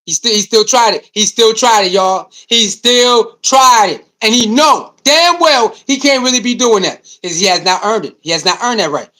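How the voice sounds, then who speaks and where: A man giving an animated sports commentary rant, repeating himself for emphasis, asking rhetorical questions and speaking straight to his audience. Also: sits high, normal speed, hardly any pauses.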